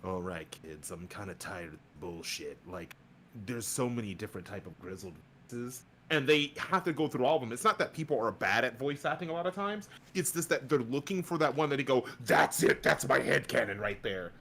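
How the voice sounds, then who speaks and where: A man's voice: medium pitch, expressive, a little fast, creaky, fairly bright tone, slight background noise. A man who does voice acting, talking as a guest on a casual podcast in a blunt, talkative way and swearing freely.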